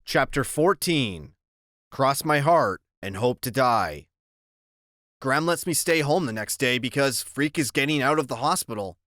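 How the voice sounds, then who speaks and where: A man's voice: medium pitch, animated, a little slow, fairly bright tone, no room sound, clean studio sound. A man narrating an audiobook in the first person, in a plain, conversational storytelling manner.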